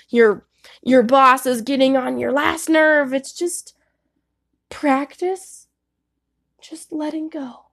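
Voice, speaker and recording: A young woman giving candid, casual advice to her viewers, swearing freely and saying "like" a lot. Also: sits high. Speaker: vlogger.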